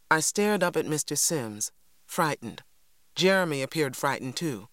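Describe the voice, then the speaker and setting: A reader narrating a novel in a measured, dramatic storytelling manner. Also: medium pitch, animated, a bit bright, no room sound, clean studio sound. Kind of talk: audiobook narration.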